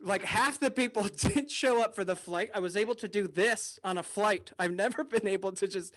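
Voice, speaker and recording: A man's voice: sits high, moderate pace, fairly bright tone. A male comedian doing a rambling stand-up set over a video call, often chuckling at his own jokes.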